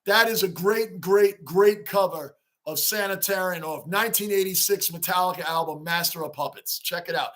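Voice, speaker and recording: A man with a very high, bright voice hosts a live sports reaction stream. He talks casually to his chat, calling out scores and names, and shouts when the game heats up. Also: normal speed, hardly any pauses. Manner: excitable, shouts at big plays, reads chat names aloud. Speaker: livestream host.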